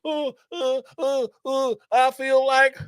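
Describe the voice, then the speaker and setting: A man puts on a halting, rambling middle-aged husband, pitched higher than his own voice and full of stammers. He sounds self-justifying, and his voice stays close and dry. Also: flat delivery, a bit bright, clear, resonant tone, no room sound, exaggerated voice.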